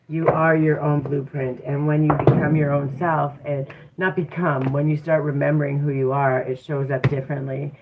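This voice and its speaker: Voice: medium pitch, noisy background. A tarot reader chats frankly and conversationally during a live stream, tossing in "right?" to keep listeners with them. The sound is thin and tinny, like a phone line. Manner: candid, conversational, often asks "right?". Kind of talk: casual live-stream talk.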